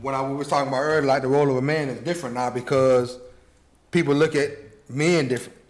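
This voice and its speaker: A man's voice: medium pitch, steady tone, fast. A man co-hosting a casual group chat, laid-back and often cutting in. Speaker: podcast co-host.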